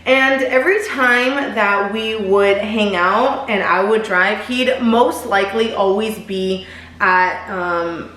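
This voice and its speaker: A young woman spins a casual storytime, slangy and chatty, calling her viewers "y'all". Her voice sits at an ordinary pitch. The room gives it a noticeable echo. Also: takes it slowly, a bit bright. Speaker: vlogger. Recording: roomy echo.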